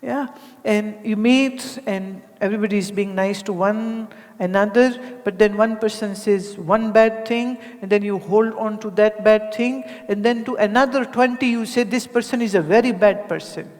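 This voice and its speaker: A woman from India gives a spiritual discourse to a gathered audience. She keeps it conversational, tossing out rhetorical questions and slipping into the voices of the people in her stories. Her voice has a middling pitch and rings with a long reverb from a large hall. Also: steady tone, moderate pace, a little mellow. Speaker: spiritual teacher.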